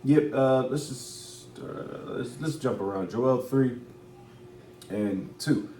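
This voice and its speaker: A man's voice: mid-range voice, slow pace, a little mellow, slight background noise. A man giving casual preaching commentary in a loose, repetitive, profane street manner. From United States. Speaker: religious commentator. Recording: echoey room.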